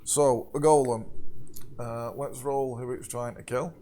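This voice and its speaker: A man's voice: mid-range voice, steady tone, a little slow, mellow, slight background noise. A man narrating as game master of a tabletop game, playful and laughing often.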